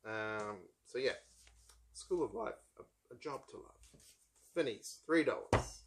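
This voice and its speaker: A man's voice: mid-range voice, animated, a little slow, creaky. A man from New Zealand with a New Zealand accent, hosting a casual book chat in a rambling, wry way, full of ums and asides. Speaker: book channel host.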